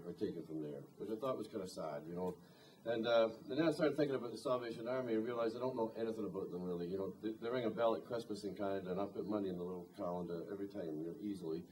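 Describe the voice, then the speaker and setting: A man's voice: fairly low pitch, rapid-fire, a little mellow, a little hiss or hum. A man and singer-songwriter introducing a song at a live concert, telling a rambling story with dry humor. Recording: distant live concert recording, faint guitar.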